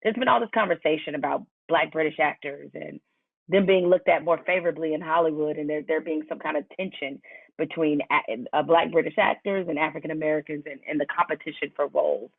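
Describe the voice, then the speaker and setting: A woman's voice: low voice, fairly even intonation, fairly quick, gravelly, slightly rough, no room sound. A woman podcast host asking long, winding questions in a casual interview, laughing often. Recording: tinny phone-like, dry sound.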